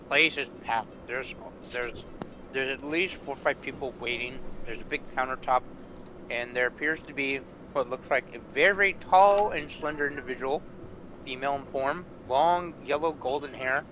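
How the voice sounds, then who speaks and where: A man's voice: mid-range voice, a little slow, pushed and bright, a little hiss or hum, poor audio. A man narrating as game master of a tabletop game, descriptive and rambling with frequent fillers.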